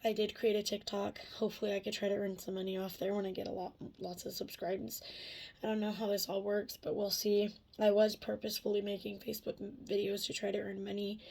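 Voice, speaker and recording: Woman vlogger, thirties, gravelly husky voice, emotional rambling chat. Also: mid-range voice, little pitch movement, brisk, darkish tone. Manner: emotional, rambling, frequent fillers. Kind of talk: casual catch-up vlog.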